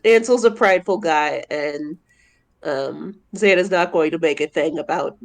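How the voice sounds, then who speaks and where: A woman's voice: sits low, measured pace, creaky. A woman player describing her character's actions in a hesitant, amused way, with many fillers.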